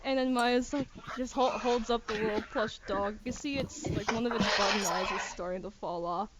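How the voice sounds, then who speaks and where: A woman's voice: on the high side, moderate pace. A woman narrating a tabletop game as game master, chatty and stammering, with a light giggle. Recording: muffled lo-fi recording with noisy hiss.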